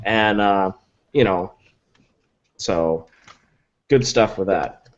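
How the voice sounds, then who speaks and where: A man with a low voice and drawn-out words guests as a reviewer on a casual podcast, recorded with lo-fi sound. Enthusiastic, he rattles through specs, his talk full of likes and ums.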